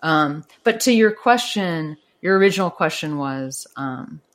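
Low-voiced woman author musing aloud. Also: animated, measured pace. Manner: thoughtful, rambling with restarts and laughs. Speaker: author and advice columnist. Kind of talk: conversational interview answers.

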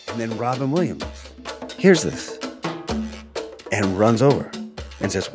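A man, an actor, telling a casual anecdote from a film set, animated and quick to laugh. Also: mid-range voice, music in the background. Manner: animated, laughs often, mimics others' voices. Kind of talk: casual storytelling.

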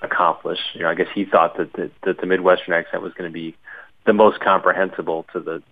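A low-voiced man speaks down a tinny phone line, narrow and thin. He is an author answering interview questions, thinking aloud and restarting phrases often. He sounds explanatory and unhurried. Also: little pitch movement. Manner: thoughtful, many restarts and you-knows.

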